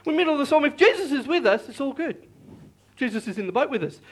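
A male pastor preaching a sermon in a lively, repetitive way, often calling out to the congregation. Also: extremely high pitch, rapid-fire.

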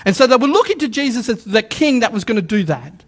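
Guy preaching in church, real high voice, gets the crowd to repeat after him, stumbles and repeats words. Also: fast. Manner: animated, calls on congregation to repeat lines; stammers restarts, repeats words for emphasis. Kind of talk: sermon. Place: church service with a live congregation.

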